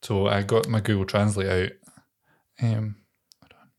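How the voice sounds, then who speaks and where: A man's voice: fairly low pitch, level tone, moderate pace, a little mellow. A young man co-hosting a podcast, chatting casually and telling stories with a lot of laughter. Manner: chatty storyteller, laughs often. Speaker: podcast co-host. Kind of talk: casual chat.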